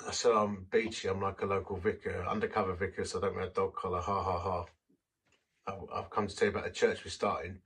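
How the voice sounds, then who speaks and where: A low, gravelly man's voice with a husky, breathy edge tells a story from the pulpit. He is a vicar and talks in a self-deprecating way, acting out what people said. He sounds a little far from the mic. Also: little pitch movement, quick pace, a bit bright. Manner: anecdotal, self-deprecating, acts out quotes. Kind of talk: sermon storytelling.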